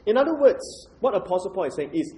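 Man, preacher, sermon, explanatory, rhetorical questions, warm mellow tone. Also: sits high, big pitch swings, quick pace, poor audio. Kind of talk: expository sermon.

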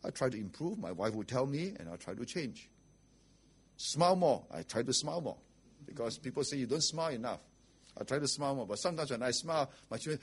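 A man's voice: medium pitch, animated, fast talker, slightly rough. A man preaching a sermon as pastor, blunt and rhetorical, often asking "okay?" and "right?".

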